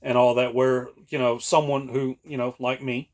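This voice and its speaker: A man's voice: mid-range voice, level tone, moderate pace, darkish tone. A man, co-hosting a podcast in casual chat, rambling with many fillers and laughing often. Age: late 30s. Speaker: podcast co-host.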